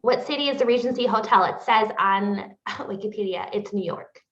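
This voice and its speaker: A woman's voice: medium pitch, moderate pace, a little hiss or hum. A woman co-hosting a book podcast, chatting in a rambling way, full of fillers. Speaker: podcast co-host. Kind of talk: casual book review chat. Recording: roomy, dull lo-fi sound.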